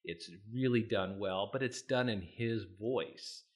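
A man's voice: lowish voice, slow. A man co-hosting a podcast, talking casually and self-deprecatingly, with frequent restarts. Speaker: podcast co-host.

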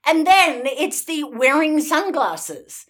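A woman's voice: sits high, big pitch swings, slow pace, a crowd in the background. A woman co-hosting a podcast, chatting casually, teasing her friends and laughing. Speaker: podcast co-host. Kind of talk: casual drunken chat.

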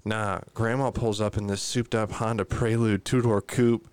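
A man's voice: on the low side, level tone, normal speed, darkish tone, clean tone, no echo. A young adult man telling a rambling, profane anecdote in casual chat.

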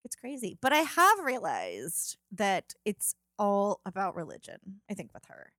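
A woman's voice: mid-range voice, huge pitch swings, unhurried, bright, forceful tone, no room sound, studio quality. A young woman co-hosting a casual chat, sarcastic and swearing, acting out the voices of people she quotes.

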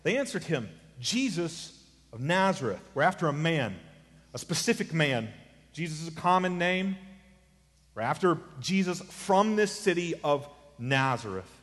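Man preaching, fairly high voice, casual asides, emphatic swings, long reverb. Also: fairly bright tone. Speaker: pastor. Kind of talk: sermon.

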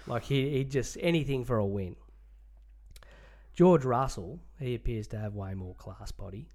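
Aussie bloke, sports podcast co-host, animated and jokey, casual banter. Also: male voice, mid-range voice, moderate pace. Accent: Australian. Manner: animated, jokey, lots of mate.

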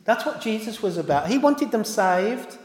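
A man's voice: sits high, lively intonation, moderate pace, a little hiss or hum. A man preaching a sermon in an informal way, often stopping to correct himself and apologise. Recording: echoey hall with long reverb.

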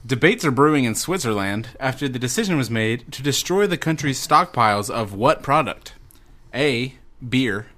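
A man's voice: mid-range voice, animated, normal speed, sharp tone. A man hosting a casual trivia game on a podcast, reading out questions and answer options with a joking manner. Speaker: quiz host.

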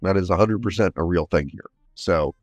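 Deep-ish guy on a movie podcast, blunt and kinda critical, dry close sound. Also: normal speed, no echo. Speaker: podcast co-host. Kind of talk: casual chat.

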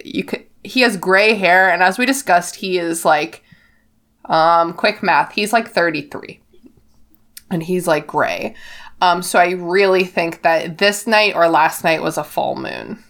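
A woman hosting a casual book podcast. She acts out characters in loud voices and laughs often. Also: fairly low pitch. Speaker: podcast host.

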